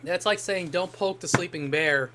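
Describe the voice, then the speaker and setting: A man streaming a game and telling a rambling story in casual chat, swearing freely and getting animated when he quotes people. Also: sits high, moderate pace, noisy background. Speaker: gaming streamer. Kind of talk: casual storytelling while gaming.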